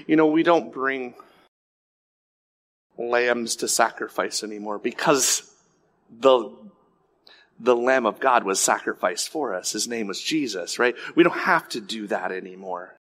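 Earnest preacher man with a bright voice. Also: mid-range voice, unhurried. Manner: earnest, confessional, acts out quoted voices; candid with restarts and repeated words. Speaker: pastor. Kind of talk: sermon.

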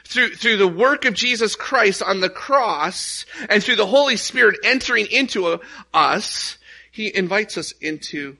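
Bright-voiced casual male pastor preaching. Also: high-pitched, lively intonation, a little slow, vocal fry. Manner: casual, storytelling, many restarts and fillers. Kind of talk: sermon.

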